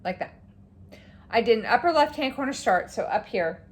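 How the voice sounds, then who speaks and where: A woman chats through her craft projects in a loose, rambling way, her pitch bouncing lively up and down. She gets excitable over her progress and swears casually. She sounds a little tired. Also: normal speed. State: tired and yawning. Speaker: cross-stitch vlogger. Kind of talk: casual show-and-tell chat.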